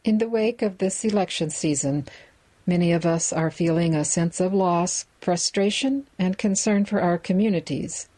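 Low mellow-voiced woman reading aloud. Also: rough recording. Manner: measured, reading aloud plainly with spoken asides. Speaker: reader of a magazine for listeners. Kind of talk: reading print aloud with image descriptions.

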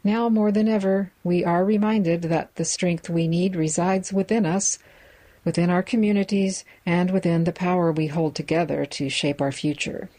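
A woman reading a magazine aloud in a measured way, describing its photos with the odd aside. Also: on the low side, steady tone, dark tone, rough recording. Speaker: reader of a magazine for listeners.

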